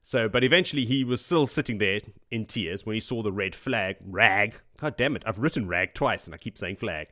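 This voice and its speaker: A man's voice: on the low side, lively intonation, moderate pace, few pauses, bright, forceful tone, no room sound, clean studio sound. A man hosting a podcast, recapping a book chapter by chapter in a casual, joking way with frequent laughs. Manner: joking, chatty, laughs often. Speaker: podcast host.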